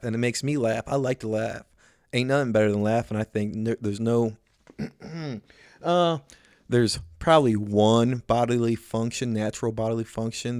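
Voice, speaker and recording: A man's voice: fairly low pitch, a little mellow, no room sound, clean studio sound. A man hosting a podcast, rambling through a profane, self-mocking solo comedy monologue.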